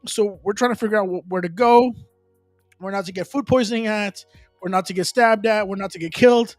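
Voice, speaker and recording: A man talks loosely and rambles through a casual chat, dropping slang and Spanish phrases as he goes. His voice sits high for a man. It is recorded dry and close, with faint music underneath. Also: fast, dry recording. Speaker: live stream host.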